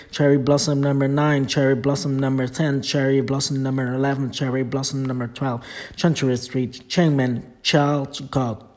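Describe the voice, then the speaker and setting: One item at a time, a man recites a long alphabetical list of titles. His reading is flat and steady, with almost no rise or fall in pitch.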